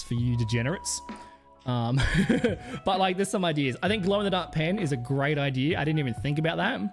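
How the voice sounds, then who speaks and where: A man from Australia with an Australian accent, rambling crudely on a casual livestream and laughing often. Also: mid-range voice. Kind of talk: casual stream chat.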